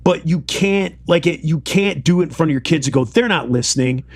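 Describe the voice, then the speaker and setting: A man's voice: on the high side, brisk, a little mellow, no echo. A man co-hosting a casual podcast chat, ranting at length in a rambling way with many fillers. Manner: rambling, filler-heavy rant. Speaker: podcast co-host.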